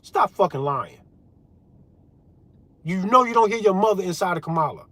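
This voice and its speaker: A man's voice: high voice, animated, moderate pace, fairly bright tone, no room sound. Profane fired-up male ranter. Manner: fired-up, swearing, talks straight to viewers. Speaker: political commentary vlogger. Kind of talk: profane ranting commentary.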